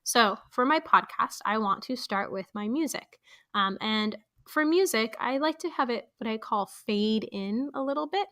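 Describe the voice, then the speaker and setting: Bright-voiced woman teaching software steps. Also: on the high side, animated, moderate pace, no echo, studio quality. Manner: friendly step-by-step explaining with fillers. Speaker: teacher showing podcast editing. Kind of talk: screen-recorded software tutorial.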